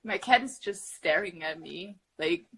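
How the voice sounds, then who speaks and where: A young woman hosting a casual phone livestream from her room at home, chatty and animated, often laughing. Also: unhurried, slight background noise, poor audio. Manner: giggly, animated, talks to her cat in a high voice. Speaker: livestream host.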